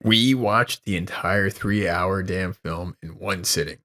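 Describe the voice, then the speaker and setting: A man's voice: sits low, normal speed, hardly any pauses, bright, forceful tone. A man co-hosting a podcast in casual chat, laid-back and swearing freely, full of "like". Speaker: podcast co-host.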